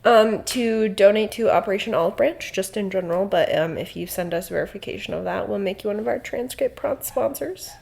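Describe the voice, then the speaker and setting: A woman's voice: mid-range voice, fairly quick, gravelly, hardly any pauses, a little mellow. A woman co-hosting a podcast, chatting casually with many fillers and bursts of laughter. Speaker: podcast co-host. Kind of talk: casual chat.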